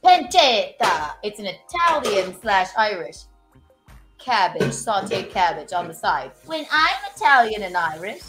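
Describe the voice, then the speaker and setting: Over music, a woman with a mid-range voice runs a relaxed cooking live stream, talking to her viewers while she cooks. She's very animated yet unhurried, joking and rambling as she keeps repeating silly catchphrases.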